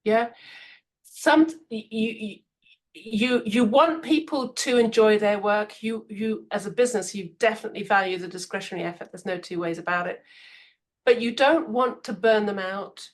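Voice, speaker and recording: A woman's voice: mid-range voice, moderate pace. A woman giving management advice in a conversational way, telling stories and acting out what people said. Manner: lively storyteller, acts out quotes, frequent laughs. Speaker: podcast guest expert on management.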